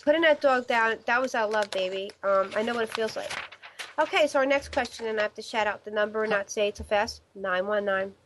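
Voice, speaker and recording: Woman host of a live call-in show, rambling and full of fillers, voice pitched a touch high. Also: quick pace, a little hiss or hum. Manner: rambling, many fillers and restarts. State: stiff neck. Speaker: psychic medium show host.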